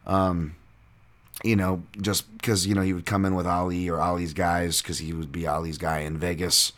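A man's voice: low voice, flat delivery, moderate pace, fairly bright tone. A man hosting a podcast, casually breaking down fight results in a loose, rambling way with lots of fillers and swearing. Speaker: podcast host and fight analyst.

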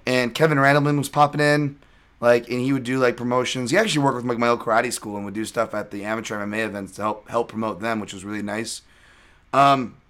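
A man's voice: medium pitch, fairly bright tone. A man hosting a podcast, chatting casually and rambling through a story with many fillers and restarts. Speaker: podcast host.

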